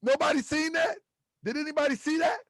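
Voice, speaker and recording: A man's voice: extremely high pitch, fairly even intonation, a little fast, fairly bright tone, no room sound, studio quality. A man hosting a livestream, lecturing his chat in a preachy way with repeated rhetorical questions. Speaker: host.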